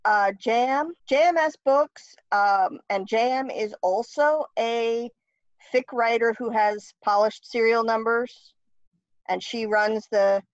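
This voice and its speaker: A woman's voice: fairly high pitch, slow, no room sound. A woman guest author talking in a casual interview, blunt and wry. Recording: dry, dull lo-fi sound.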